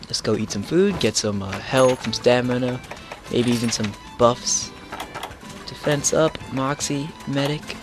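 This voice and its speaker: A man's voice: mid-range voice, measured pace. A young man hosting a casual gameplay explainer, rambling with many fillers and jokes, over game music. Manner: rambling, filler-heavy, jokey. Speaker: gaming channel host.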